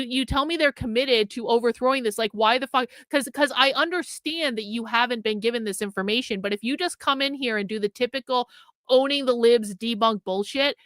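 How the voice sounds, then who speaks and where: A woman's voice: a little high, a bit bright, no echo. A woman hosting a political livestream, giving profane, lecturing commentary straight to her chat. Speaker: political streamer host.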